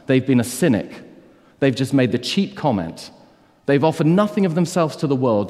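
A man's voice: a little high, darkish tone, big-room sound. A man, preaching an earnest, emphatic Easter sermon to a church congregation and asking rhetorical questions. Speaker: pastor.

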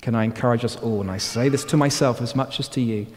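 A man preaching a sermon as pastor, earnest and exhorting, often dropping to quiet, emphatic phrases. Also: mid-range voice, fast talker. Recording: long hall reverb.

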